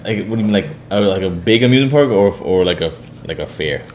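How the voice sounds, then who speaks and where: A man co-hosting a podcast, laid-back and a little hesitant as he chats. His pitch swings widely, and the room sounds echoey with a faint hum of ambience behind him. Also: expressive, fast, a little mellow. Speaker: podcast co-host. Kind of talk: casual chat.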